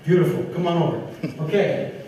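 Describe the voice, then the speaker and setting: A martial arts instructor leads a seminar, talking while he demonstrates moves. His voice sits a bit high and comes from a distance. The big training hall echoes heavily around him. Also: moderate pace, mellow, slight background noise. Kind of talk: teaching a seminar class. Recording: echoey hall recorded from far off.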